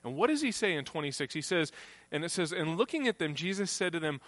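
A man preaching in a lively, conversational way, with a bright, forceful tone. He is recorded close and dry, with no room echo. He acts out the people he quotes. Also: a little high, fast talker. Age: adult, grew up on a farm family. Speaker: pastor. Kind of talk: sermon.

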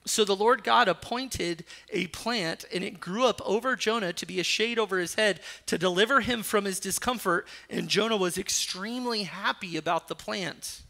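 In a high-pitched, bright, forceful voice with vocal fry, a pastor preaches at normal speed with few pauses. He reads scripture aloud between teaching points and rises sharply when he portrays Jonah's anger.

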